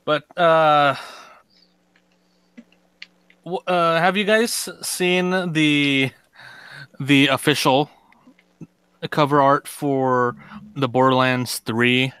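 A man co-hosting a casual podcast chat, excitable and laughing often. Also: fairly high pitch, takes it slowly, clear, resonant tone, no echo. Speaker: podcast co-host.

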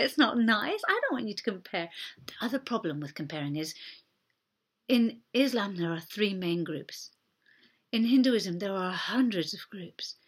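Breathy woman preaching gently. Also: fairly high pitch. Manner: earnest, gentle, drops to soft near-whispers for emphasis. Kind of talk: sermon.

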